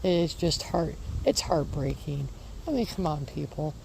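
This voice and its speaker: This woman has a low, gravelly voice with a darkish tone, speaking expressively and a bit slowly. She's a homesteading vlogger rambling casually outdoors in a garden and repeating reassurances, with a little hiss or hum on the audio.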